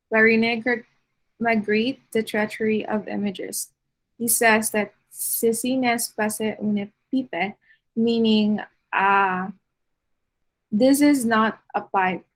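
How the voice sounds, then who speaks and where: A woman giving an art lecture over slides, unhurried, with frequent fillers and restarts. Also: medium pitch, low-quality recording.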